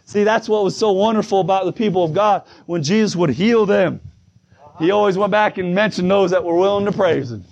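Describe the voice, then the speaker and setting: A man preaching a fervent sermon, shouting in bursts while losing his voice. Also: high voice, a little fast, vocal fry. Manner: shouting, call-and-response preaching. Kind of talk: pentecostal-style sermon. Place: church sanctuary. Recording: muffled, lo-fi church recording.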